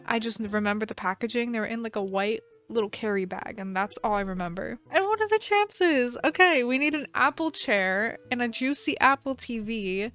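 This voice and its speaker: A woman's voice: mid-range voice, fairly quick, hardly any pauses, a bit bright, faint music behind. A young woman in her twenties casually commenting on her gameplay, rambling and giggling, and playfully scolding the game characters. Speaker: gaming channel host. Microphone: desk microphone.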